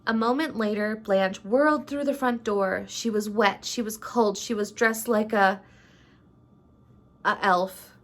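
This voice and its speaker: A woman vlogger reading a rhyming picture book aloud at home at night, in an unhurried storytelling way, then chatting casually. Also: medium pitch. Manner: unhurried storytelling, laughs between lines.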